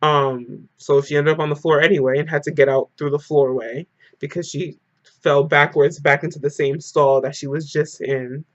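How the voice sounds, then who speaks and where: A man's voice: a little high, steady tone, moderate pace, no room sound. A man talking straight to camera in a casual storytime vlog, telling an emotional story packed with "like". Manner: emotional storyteller, heavy use of "like". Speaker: vlogger. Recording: dull lo-fi dry recording.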